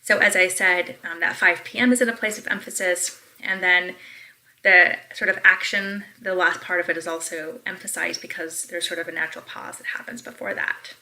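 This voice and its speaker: A woman's voice: lowish voice, steady tone, moderate pace, pushed and bright, rough recording. A woman giving a recorded college English lecture, explaining step by step with frequent ums and uhs.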